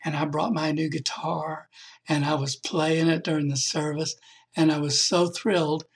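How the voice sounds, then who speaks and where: A man shares a heartfelt testimony and preaches in an emphatic, devotional style for a podcast. His voice is gravelly with a strong fry. It sounds very husky and breathy throughout. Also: fairly high pitch, little pitch movement, normal speed. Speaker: podcast speaker.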